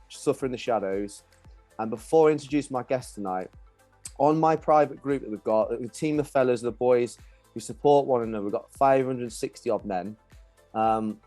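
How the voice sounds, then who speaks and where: Warm-toned and medium-pitched, this man hosts a podcast with friendly, upbeat casual chat. His accent blends English Midlands and Yorkshire, a product of his Lincolnshire upbringing.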